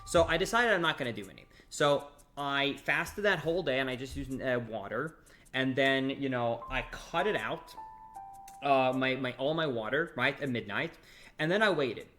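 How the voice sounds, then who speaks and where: A young man streaming, telling a long story to his chat in a casual, animated way, acting out the other people. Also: medium pitch, moderate pace, faint music behind. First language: not English. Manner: animated, quotes others in acted voices.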